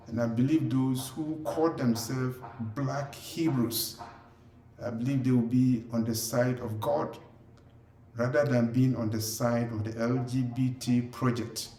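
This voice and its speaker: A male preacher delivers his message at a very slow, measured pace, pausing often and filling gaps with hesitant sounds. His voice sits in an ordinary middle pitch for a man. The recording carries a noticeable roomy echo. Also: fairly even intonation, warm tone. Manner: deliberate, halting with frequent fillers. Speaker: ministry preacher. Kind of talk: preaching commentary.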